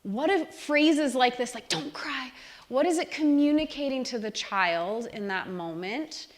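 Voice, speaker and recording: Young woman, church speaker; earnest, guiding tone, slightly high voice, speaking to a hall audience. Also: measured pace. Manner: earnest, guiding listeners through an imagined scene. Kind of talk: church talk to a live audience.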